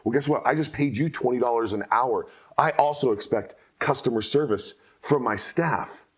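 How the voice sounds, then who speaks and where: A man hosting a podcast, talking bluntly and telling animated stories in casual conversation. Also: mid-range voice, moderate pace, husky. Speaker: podcast host.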